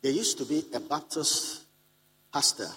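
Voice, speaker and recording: A man's voice: a little high, a little slow, bright, forceful tone, rough recording. A man preaching a sermon to a live congregation, repeating key lines for emphasis and calling out to the listeners. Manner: calls out to the congregation. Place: conference hall.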